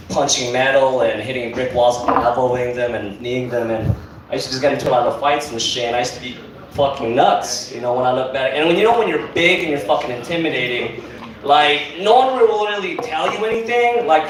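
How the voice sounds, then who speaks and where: A man's voice: on the high side, fairly bright tone. A young man doing a rambling, profane stand-up set on a comedy club stage. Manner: rambling, profane, lots of fillers. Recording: echoey club, mic from far off, crowd. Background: audience laughing.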